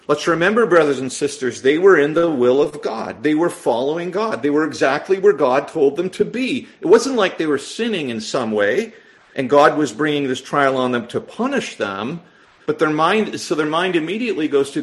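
A man in the middle of a sermon, preaching earnestly to his congregation. His voice sits at an ordinary middle pitch. He asks rhetorical questions and often repeats words as he pushes his point. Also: animated, normal speed. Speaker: pastor.

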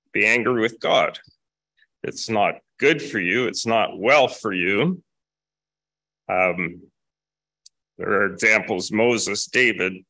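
Bright-voiced man preaching a measured sermon. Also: lowish voice, no room sound. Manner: measured, repeats key phrases for emphasis.

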